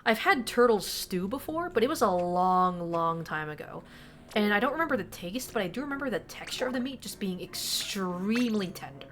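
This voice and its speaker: A woman's voice: medium pitch, expressive, normal speed, a bit bright. Chatty young woman streamer, swearing. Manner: rambling and profane, heavy use of "like". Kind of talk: casual chat while gaming. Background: game music.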